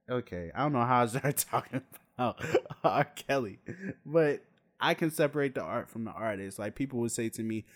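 Talking at a moderate pace in a mid-range voice, a man in his twenties delivers a casual vlog rant straight to camera. His storytelling is animated, blunt and full of swearing.

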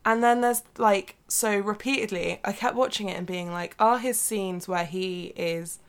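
A woman's voice: medium pitch, normal speed, clean tone. A woman co-hosting a casual film chat, wry and chatty, often acting out lines from scenes. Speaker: podcast co-host.

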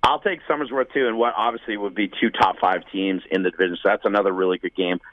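Male sports talk co-host, relaxed and jokey, slightly dull lo-fi audio. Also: on the low side, fast, no room sound. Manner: easygoing, jokey, lists picks and schedules.

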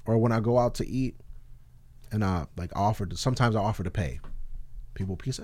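A man talking as a guest on a casual podcast, telling animated stories full of slang and swearing. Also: on the low side, a little fast, pauses often, no room sound. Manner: animated storytelling with acted-out quotes, heavy slang and swearing.

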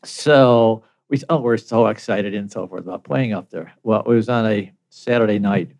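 Older American man telling a lively story. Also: lowish voice, normal speed. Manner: animated, laughs often, acts out quoted voices. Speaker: guest. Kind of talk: casual storytelling.

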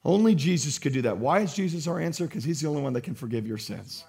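Male pastor, high voice, passionate sermon delivery that moves from loud to hushed. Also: animated, quick pace, vocal fry, breathy edge.

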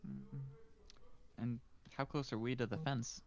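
Gravelly-voiced upbeat game player. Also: male voice, mid-range voice, fairly even intonation, a little slow, muffled recording. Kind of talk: casual tabletop game chat.

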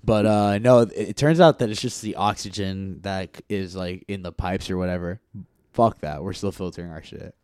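A man co-hosting a podcast, trading casual, profane banter and acting out the people in his stories in loud bursts. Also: deep voice, moderate pace, clean tone, no room sound, studio quality. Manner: rambling, profane storyteller who mimics others loudly. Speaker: podcast co-host.

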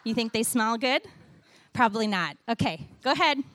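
A middle-aged woman giving a sermon with a children's object lesson, animated and playful as she talks to the kids and the congregation. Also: fairly high pitch, moderate pace, no room sound, studio quality. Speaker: church speaker giving a children's message.

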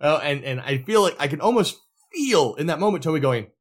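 Podcast guy, bouncy lively voice, keeps doing little character voices. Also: on the high side, fairly quick. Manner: animated, acts out characters' lines in quoted voices. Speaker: podcast co-host. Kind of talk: casual film review chat.

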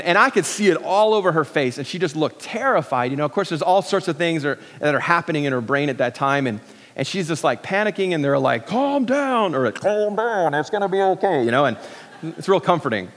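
A man's voice: fairly high pitch, a bit bright. Chatty man preaching in a big hall. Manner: conversational and joking, many restarts and fillers. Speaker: pastor. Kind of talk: sermon.

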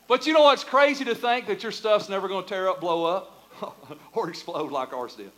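A middle-aged man, a pastor preaching a sermon through humorous, lively stories that settle into quiet, earnest teaching. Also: high-pitched, a little fast. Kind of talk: storytelling sermon.

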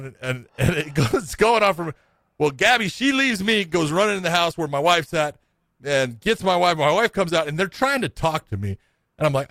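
A man's voice: mid-range voice, a bit bright, no room sound. A middle-aged man telling a long story in a casual, rambling, self-mocking way, swearing freely.

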